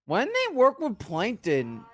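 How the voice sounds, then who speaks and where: Outburst-prone co-host, animated pitch, dry close sound. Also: measured pace, no echo. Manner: incredulous outbursts with frequent swearing. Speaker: podcast co-host. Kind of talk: casual reaction commentary.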